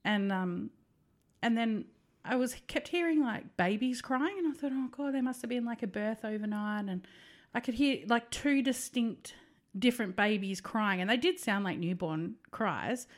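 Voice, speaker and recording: A woman's voice: on the high side, normal speed. A woman, a nurse co-hosting a podcast, telling stories in a casual chatty way with lots of "like" and laughter. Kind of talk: casual storytelling chat.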